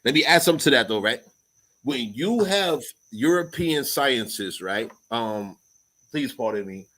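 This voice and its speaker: New York man in his forties for a casual podcast: lively, swinging delivery, husky tone, heavy slang and swearing. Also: mid-range voice, unhurried, poor audio. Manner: animated, profane, street slang. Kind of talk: casual chat.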